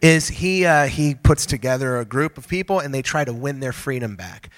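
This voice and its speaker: A man's voice: mid-range voice, expressive, normal speed, a bit bright. A man preaching a sermon to a congregation, joking with the listeners and talking in a casual, conversational way. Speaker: pastor.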